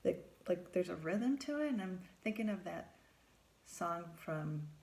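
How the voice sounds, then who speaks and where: A therapist telling a personal story in a vivid, conversational way, acting out the voices of the people in it. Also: female voice, fairly low pitch, lively intonation, a little slow, gravelly, darkish tone, slight background noise.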